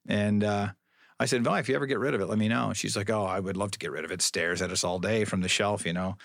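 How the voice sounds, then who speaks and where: A man's voice: fairly low pitch, steady tone, quick pace, creaky, fairly bright tone, dry recording, studio quality. A middle-aged man, a police spokesman, telling a long story as a podcast guest in a wry, rambling way that keeps correcting itself. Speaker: police public information officer, guest. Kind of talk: storytelling interview.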